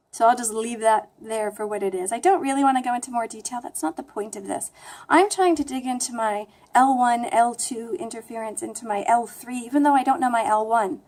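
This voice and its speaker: A young woman with a flat American accent, chatting casually to camera in a rambling, self-deprecating way. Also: fairly high pitch. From United States. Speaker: language vlogger. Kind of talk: casual talking-to-camera vlog.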